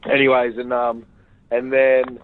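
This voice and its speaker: A man guest in a casual phone interview, retelling events in a rambling, animated way and acting out what others said. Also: mid-range voice. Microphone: phone call. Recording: tinny phone line, dry.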